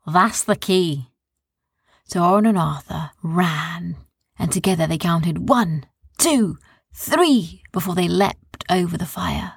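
A woman telling a children's bedtime story in a calm, soft, descriptive way. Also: lowish voice, measured pace, creaky, husky, no room sound, clean studio sound.

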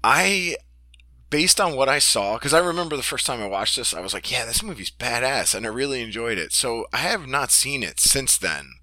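A man's voice: medium pitch, sing-song, normal speed, pushed and bright, dry recording. A man co-hosting a casual podcast, talking with enthusiasm, laughing often and repeating his words. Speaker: podcast co-host.

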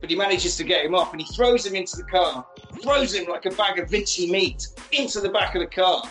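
A man recapping a film in a lively, casual and sweary way, acting out the lines as he goes. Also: high-pitched, a little fast. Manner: animated, swears freely, acts out quotes. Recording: roomy echo, faint music.

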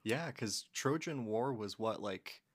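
A woman's voice: rumbling low, animated, slow, slightly rough. A young woman co-hosting a casual podcast, playful and teasing, often breaking into laughter. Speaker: podcast co-host. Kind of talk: casual comedic chat.

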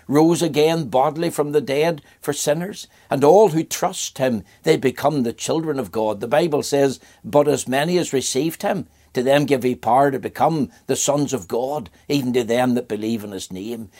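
A man's voice: mid-range voice, a little mellow. An older man from Ireland preaching a sermon in an earnest voice, asking rhetorical questions and repeating phrases.

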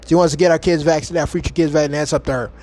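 A man's voice: on the high side, steady tone, very fast, a little mellow. A man hosting a podcast, delivering a heated, mocking and profane ranting monologue from home. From United States. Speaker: podcast host.

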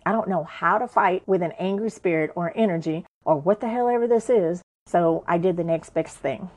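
A woman's voice: lowish voice, normal speed, darkish tone. A woman narrates her own story in a frank, everyday voice. She talks conversationally and swears without holding back.

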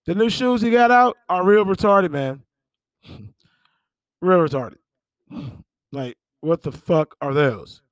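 A podcast host reads celebrity headlines and reacts with laughter and profane exclamations in casual gossip commentary. His voice is high-pitched and slow, with long pauses, in a dry, studio-quality recording.

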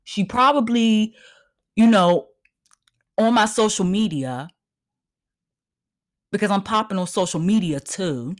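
A woman's voice: mid-range voice, slow pace, pauses often. A woman hosting her own podcast, ranting in a heated, emphatic and profane way. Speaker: podcast host. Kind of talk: solo podcast rant.

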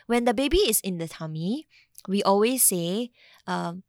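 A woman's voice: mid-range voice, normal speed, no echo, clean studio sound. A woman in her thirties with a Singaporean English accent, a podcast guest chatting casually and acting out the quotes in her stories. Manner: animated storytelling, acts out quotes.

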